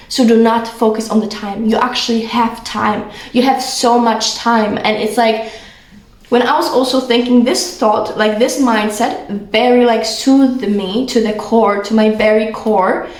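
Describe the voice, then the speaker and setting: A woman's voice: a little high, fairly even intonation, darkish tone, echoey room. A young woman from Poland with a Polish accent, talking earnestly and rambling through a casual vlog monologue full of fillers. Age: young adult. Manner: earnest, rambling, filler-heavy, quick bursts. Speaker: vlogger.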